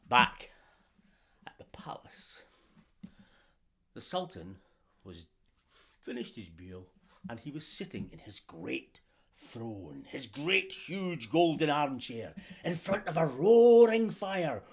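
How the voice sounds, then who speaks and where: A man's voice: medium pitch, very animated, slow, pauses often, husky. A man telling a story to children, theatrical and drawing the listeners in to join along. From Scotland. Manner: theatrical, asks the young audience to join in.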